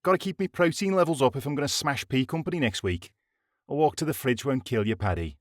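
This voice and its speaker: A man's voice: medium pitch, expressive, fast talker, no echo, studio quality, pitched above the performer's own voice, lightly acted. A man voicing a cheeky, greedy young male soldier in a comedy audiobook. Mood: cocky.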